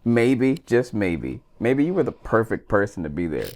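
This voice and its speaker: A man hosting a podcast in casual chat, talking quickly and cutting in with jokes to steer the conversation. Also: on the low side, very animated, a little mellow. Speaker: podcast host.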